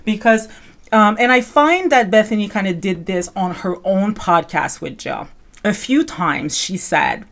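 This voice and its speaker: Woman host, mid-pitched, loose conversational commentary with frequent "you know" asides. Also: a little slow. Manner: rambling, conversational, lots of fillers and self-corrections. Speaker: podcast host. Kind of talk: casual commentary on reality TV.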